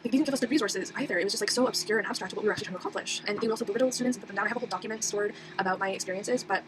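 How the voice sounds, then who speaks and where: A young vlogger tells a personal story at a rapid-fire clip, her voice medium in pitch. She meanders casually, stopping to restart and leaning on fillers, while noise carries in the background.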